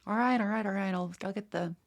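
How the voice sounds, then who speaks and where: A woman's voice: mid-range voice, fast. A woman with an Australian accent, chatting casually on a livestream and swearing freely. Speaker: streamer.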